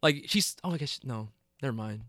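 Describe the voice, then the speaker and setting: An animated young man chatting on a podcast, his bright voice leaping up and down as he argues his opinions. He swears freely and laughs often. The sound is dry and close to the mic. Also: medium pitch, moderate pace, no room sound. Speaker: podcast co-host. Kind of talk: casual chat about superhero movies.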